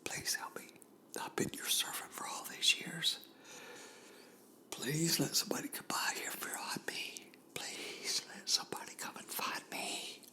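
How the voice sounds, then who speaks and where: A man voicing his elderly mother who has fallen alone at home. She shouts for help, then prays in a hushed, pleading voice. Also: a little slow, in a whisper. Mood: pleading prayer.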